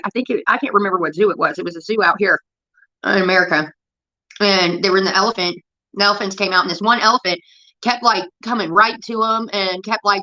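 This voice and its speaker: A woman's voice: medium pitch, sharp tone, lo-fi sound. A woman livestreaming, telling a rambling, profane story in a casual chat that keeps getting sidetracked.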